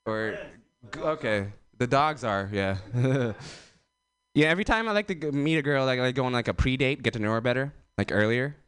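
A man's voice: mid-range voice, expressive, a little fast, fairly bright tone, clean tone, no echo, clean studio sound. A man doing an open-mic stand-up set, rambling and self-deprecating, with lots of fillers. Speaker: stand-up comedian.

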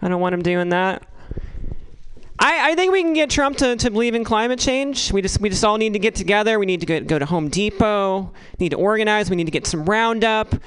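A woman doing a stand-up comedy set, rambling and halting, with crude asides delivered deadpan. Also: mid-range voice, clear, resonant tone, low-quality recording.

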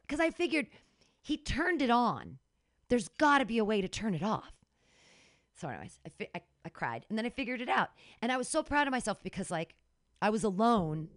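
A woman's voice: medium pitch, dry recording, studio quality. A woman telling an emotional story in casual podcast chat, dramatic and full of restarts.

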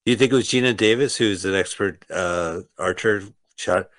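Low-voiced wry male co-host. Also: normal speed, a bit bright. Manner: rambling, wry, trivia-minded. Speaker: radio show co-host. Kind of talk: casual movie commentary chat.

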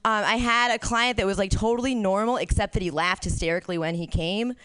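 A woman's voice: mid-range voice, fairly quick, fairly bright tone, clean tone, no echo. A woman doing a stand-up set, telling crude stories candidly and laughing at her own jokes. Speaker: stand-up comic.

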